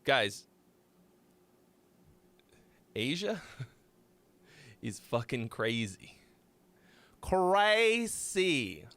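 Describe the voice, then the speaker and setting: A man's voice: mid-range voice, sing-song, measured pace, pauses often, pushed and bright, clean tone. A young man hosting a live music-critique stream, chatting loosely, rambling and swearing freely. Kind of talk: casual live-stream chat.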